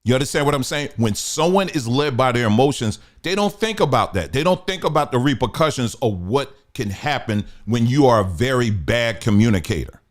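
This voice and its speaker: A man's voice: mid-range voice, expressive, a little fast, few pauses. A man hosting a commentary channel, talking earnestly and repetitively, checking that his listeners follow along. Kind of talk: conversational commentary monologue.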